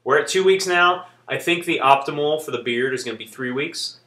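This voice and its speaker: A man vlogging, ranting heatedly in an animated way and swearing casually. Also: on the high side, brisk, roomy sound. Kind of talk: ranting video blog.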